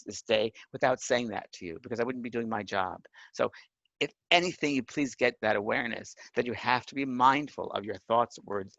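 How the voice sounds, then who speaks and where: An earnest man teaches, his pitch swinging lively and his stress emphatic. The recording is dry and a bit muffled. He checks in with his listeners now and then. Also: dry recording. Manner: earnest, emphatic, often asks the listener "right?". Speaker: psychic medium teaching a course. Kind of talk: spoken lesson.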